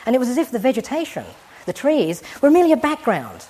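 A woman giving an evening public lecture to an audience, discursive and gently humorous in a wry way. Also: high voice, very animated, quick pace. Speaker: guest lecturer.

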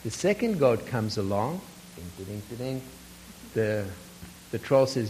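A man's voice: medium pitch, very animated, a little slow, a little mellow, a little hiss or hum, poor audio. Chuckling man leading a workshop group. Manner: chuckles often, asks the group questions. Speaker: workshop facilitator. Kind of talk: teaching a workshop with storytelling.

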